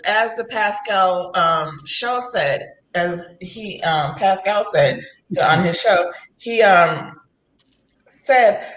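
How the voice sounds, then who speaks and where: A woman's voice: mid-range voice, a bit bright, roomy sound, rough recording. A woman hosting a casual livestream chat who rambles and laughs often. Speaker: host.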